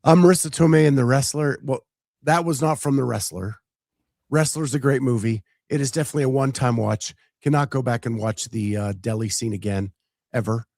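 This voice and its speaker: A man co-hosting a podcast in casual chat, with a smooth voice, telling stories and quoting movie lines. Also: medium pitch, a little fast, darkish tone, dry recording, studio quality. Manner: chatty storyteller, quotes movie lines. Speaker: podcast co-host.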